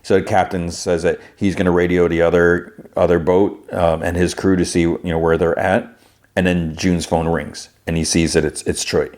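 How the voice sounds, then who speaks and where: A podcast host in a loose, rambling recap of an episode. He talks with lots of fillers and restarts and slips into the characters' lines as he goes. His speaking voice sits somewhat low. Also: level tone, moderate pace, darkish tone. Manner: rambling, filler-heavy storytelling that acts out the characters.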